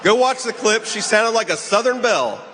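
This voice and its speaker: This is a political speaker at a rally, heard on a played-back clip from a big arena, giving a forceful, scornful speech. He has a high-pitched, very animated voice and talks briskly, while heavy crowd noise and a long echo surround him.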